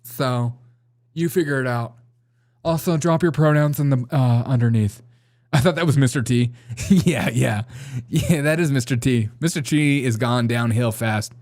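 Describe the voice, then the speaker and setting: A man in mid-range pitch riffs in a mocking, sarcastic tone over a clip he's watching. He breaks into laughter between jabs, like a comedy host reacting live. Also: unhurried, darkish tone. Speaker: comedy news show host. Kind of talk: sarcastic commentary on a video.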